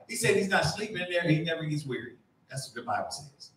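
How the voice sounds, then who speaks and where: Preacher, male, high voice, animated sermon delivery with hushed asides, picked up from far off in a very echoey church. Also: fast, slight background noise. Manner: animated preaching, acting out voices, dropping to a hush. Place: church sanctuary.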